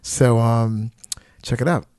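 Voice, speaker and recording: A man's voice: mid-range voice, fairly even intonation, slow pace, a little mellow, smooth, no echo. Easygoing male co-host, hesitant and filler-heavy, dry close-mic sound. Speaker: podcast co-host. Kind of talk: casual chat.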